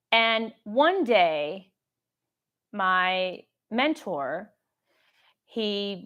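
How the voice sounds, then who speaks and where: A woman hosting a casual live-stream Q&A, telling stories in a lively way and acting out the people in them. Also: medium pitch. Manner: animated storytelling, acts out quoted dialogue; reads viewer questions aloud. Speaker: government contracting coach.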